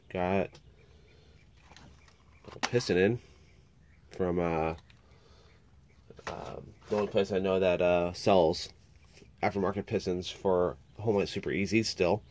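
A man with a lowish voice and a slight nasal stuffiness from a cold talks casually through a chainsaw repair. He rambles, mutters to himself mid-task and speaks as if friends were watching over his shoulder at the bench. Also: darkish tone. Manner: chatty, rambling, muttering while working. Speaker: small engine repair vlogger. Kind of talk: casual workshop narration.

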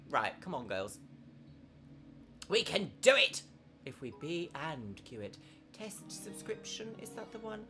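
A woman's voice: low-pitched, sing-song, unhurried, long pauses, music in the background. A woman in her thirties streaming a horror game from home at a desk microphone, chatting casually and giggling, with big swoops in her voice. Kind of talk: casual live-stream commentary.

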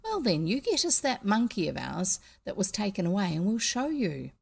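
A woman reading aloud, voicing a quick-witted boy who talks in a brisk, persuasive way. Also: mid-range voice, sing-song, creaky, darkish tone, husky, heavily acted. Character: quick-witted boy, bossy elder brother.

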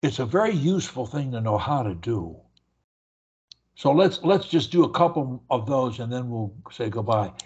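A man's voice: medium pitch, big pitch swings, normal speed, a little mellow, slightly rough, lo-fi sound. An older man who stutters, coaching a client one-on-one and demonstrating techniques by stretching and repeating words over a video call. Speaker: speech coach.

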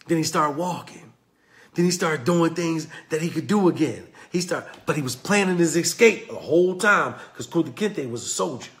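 A man with a Southern US accent giving a passionate motivational talk, retelling a story in a preachy way that swings from loud to hushed. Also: on the high side, animated, normal speed. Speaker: motivational speaker.

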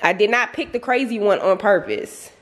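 A woman chatting casually to her vlog camera outdoors at a park while she walks her dog, ranting in slangy, animated talk. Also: mid-range voice, moderate pace, no echo. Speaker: family vlogger.

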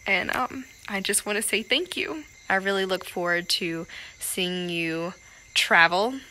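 A woman from Connecticut speaks in a bright voice, earnest and a little emotional, sometimes dropping soft. She records a thank-you message inside a yoga studio. Faint crickets sit in the background. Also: medium pitch, unhurried, slight background noise, low-quality recording. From Connecticut, USA. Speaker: retreat guest. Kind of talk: heartfelt video message.

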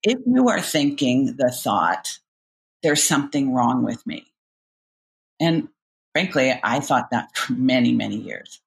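A middle-aged woman coach explaining ideas in a podcast interview, animated and acting out inner voices as she goes. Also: rumbling low, measured pace, vocal fry. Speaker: cognitive behavioral coach, guest.

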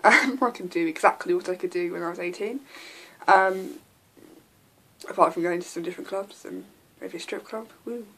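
A woman's voice: on the low side, normal speed, a bit bright. A young English woman in her twenties, chatting casually to camera with frequent ums and little laughs. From England. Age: 20s. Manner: chatty, giggly, lots of ums. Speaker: vlogger.

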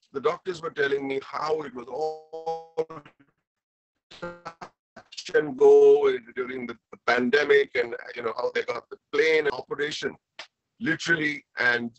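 A man's voice: medium pitch, a bit bright, dull audio. A man with an Indian English accent telling a personal story as a guest speaker, earnest and emotional, often repeating himself.

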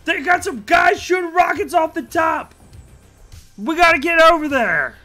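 Man doing a shouting fish-man soldier. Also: very high voice, expressive, measured pace, soft background music, voice pushed up, full character voice. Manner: loud, shouting, frantic.

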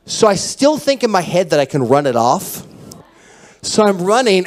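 A man preaching a sermon as pastor, telling stories with a voice that drops to a hush and then rises loud. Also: sits high, moderate pace. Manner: animated storytelling, dropping to a hush then rising loud. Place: church hall.

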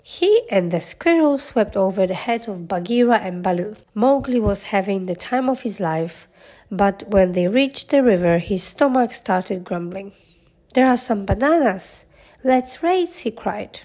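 A woman reads a children's storybook aloud in a gentle, measured way. She takes her time, with a very slow pace and an ordinary middle pitch. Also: lively intonation. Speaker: narrator.

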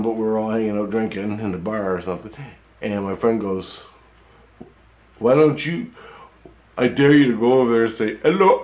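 A man telling a long dream story in a rambling, profane way, often checking in with "okay?". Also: on the low side. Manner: profane, repetitive, keeps asking "okay?". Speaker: vlogger recounting a dream. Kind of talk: rambling casual monologue.

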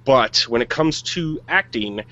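A man's voice: medium pitch, expressive, measured pace, sharp tone, muffled recording. A man co-hosting a podcast, chatting casually and giving blunt, jokey opinions on movies. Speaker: podcast co-host. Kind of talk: casual chat.

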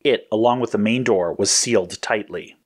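A man reading a scripted action story aloud in a steady, descriptive manner. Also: fairly low pitch, normal speed. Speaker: narrator.

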